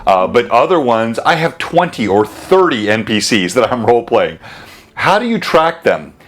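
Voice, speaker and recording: A man's voice: medium pitch, big pitch swings, moderate pace. A man hosting a live stream as a game master, chatting casually, interrupting himself and laughing often. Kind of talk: casual livestream chat.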